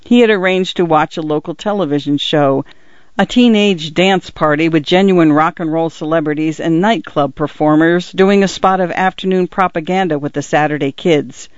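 A man narrating a literary novel as an audiobook, in a measured, expressive reading. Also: a little high, no echo, highs cut off.

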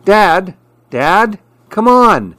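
A man reading aloud, voicing an excited little boy in a picture book who keeps calling out to his dad. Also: a little high, slow, no echo, pitched above the performer's own voice, exaggerated voice. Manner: eager, calling out.

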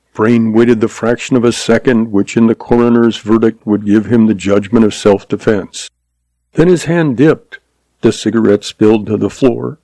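A man narrates a western story in a measured, dramatic way. His voice sits low with a gravelly fry and a dark, mellow tone. The recording is dry and close, with no room sound. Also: dry recording.

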